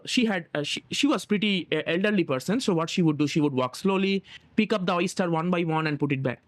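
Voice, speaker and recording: A man's voice: sits high, no room sound. A man leads an online session over a video call and tells a story earnestly and with animation, stumbling and restarting as he goes. His voice rises and falls widely, and the sound is close and dry. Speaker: host of an online wellness session.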